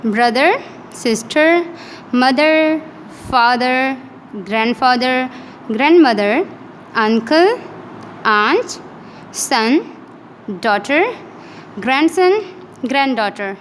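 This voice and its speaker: A high-pitched woman with a Pakistani accent delivers an English lesson, sounding out words one at a time with patient care. Her voice trails off in a long, hall-like reverb. A faint hiss sits underneath. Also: animated. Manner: slow, repeats each word in careful drills, patient and instructive. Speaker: English teacher. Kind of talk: online classroom lecture.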